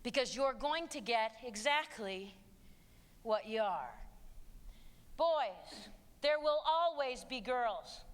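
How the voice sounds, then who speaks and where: A middle-aged woman giving a live talk to students and parents in an auditorium, emphatic and sarcastic, moving between hushed asides and shouts. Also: on the high side, lively intonation, slow, pauses often. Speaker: speaker addressing students and parents. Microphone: handheld stage mic. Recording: long hall reverb.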